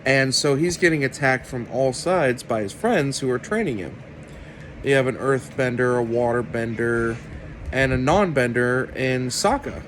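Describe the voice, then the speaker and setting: Slow, sarcastic man ranting to camera. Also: mid-range voice, a bit bright, a little hiss or hum, low-quality recording. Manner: sarcastic, deliberate and unhurried. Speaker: video commentator. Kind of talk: opinionated commentary rant.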